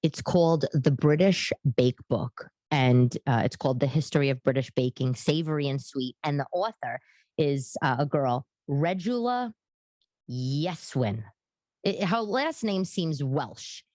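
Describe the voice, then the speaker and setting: Chatty New woman in her thirties hosting a casual chat. Low voice, dry close sound, prone to rambling tangents. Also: unhurried, dark tone, no room sound. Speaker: podcast host and comedian.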